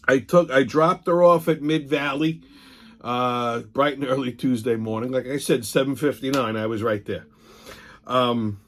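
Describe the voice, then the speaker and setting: A man's voice: mid-range voice, fairly bright tone. A man hosting a show in a casual, rambling monologue, with blunt and profane storytelling. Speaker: host.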